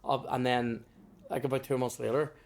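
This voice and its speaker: A man's voice: medium pitch, fairly even intonation, normal speed, vocal fry. A man with a Northern Irish accent, a comedian telling stories in casual chat, swearing freely and acting out the people in them. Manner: swears freely, acts out others in his stories. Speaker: comedian guest.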